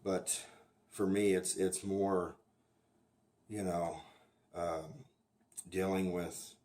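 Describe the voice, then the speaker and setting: A man speaking as a recovery sponsor, talking candidly and bluntly, often restarting his sentences and filling pauses with "you know.". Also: low-pitched, flat delivery, warm tone, a little hiss or hum. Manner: halting, with frequent restarts and "you know" fillers; blunt and plainspoken. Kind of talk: candid informal talk to camera.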